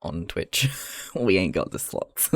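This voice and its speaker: A man's voice: low-pitched, sing-song, slow pace, dry recording. An Australian man who streams live, talking casually and chattily to his chat while he crafts, rambling a little, laughing often and swearing freely.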